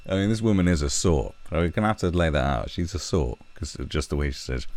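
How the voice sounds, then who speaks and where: A man's voice: extremely low pitch, a little fast, few pauses, darkish tone. A man hosting a livestream, reading and mocking a news story with sarcastic, profane asides. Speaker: livestream host. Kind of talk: ranting commentary on a news story.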